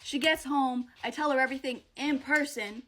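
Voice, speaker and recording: A woman's voice: high voice, steady tone, moderate pace, bright, forceful tone, a little hiss or hum. A woman telling a personal story in a casual, profane and blunt way. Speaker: vlogger.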